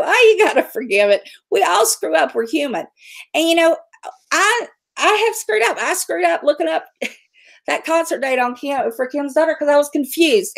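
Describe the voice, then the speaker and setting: A middle-aged woman hosting a casual livestream, talking bluntly, swearing freely and laughing often. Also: on the high side. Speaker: livestream host.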